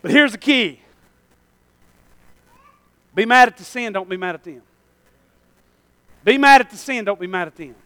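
A male pastor, preaching a sermon, swinging between loud shouting and low asides to the congregation. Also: lively intonation, moderate pace, pauses often, dry recording.

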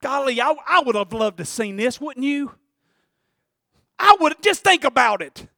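Male preacher, very high, bright voice, animated sermon, calls for amens, shouts and drops quiet. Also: measured pace, creaky, no echo, studio quality. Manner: animated, call-and-response, shouting then dropping quiet. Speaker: pastor.

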